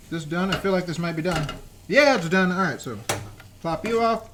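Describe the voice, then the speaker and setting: There's background noise as a man with a high-pitched voice speaks briskly during his live baking stream at home. Cooking in his kitchen, he chats casually and playfully, talking to himself and humming little tunes.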